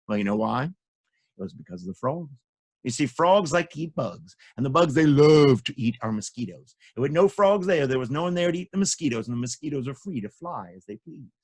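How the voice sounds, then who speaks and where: A man telling stories to children in an animated, sing-song way, often repeating phrases and talking to the kids. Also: mid-range voice, fairly quick. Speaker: children's storyteller.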